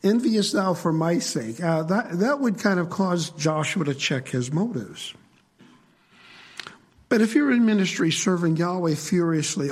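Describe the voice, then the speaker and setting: A man delivers a sermon with a slightly husky voice that sits a little high for a man. He talks to the congregation in a conversational way and stops to ask them questions. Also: a little mellow. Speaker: preacher.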